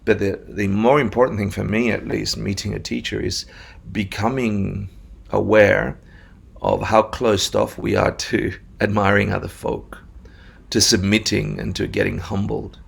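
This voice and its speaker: A man from Argentina with a mixed Australian-Argentine accent, telling his story as a meditation teacher in a casual interview, animated and laughing often. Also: lowish voice, a little slow, gravelly, breathy edge. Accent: Australian-Argentine mix.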